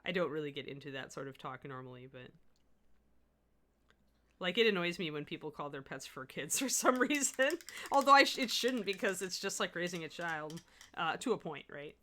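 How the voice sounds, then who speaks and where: A woman's voice: lowish voice, animated, normal speed, bright, forceful tone. A middle-aged woman giving a live miniature painting demo, chatting and laughing with her viewers as she works. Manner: chatty, rambling, laughs often.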